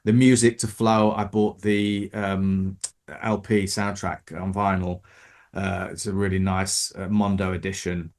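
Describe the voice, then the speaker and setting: A man co-hosting a casual film podcast, relaxed and hesitant with many fillers. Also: deep voice, a little slow. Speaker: podcast co-host.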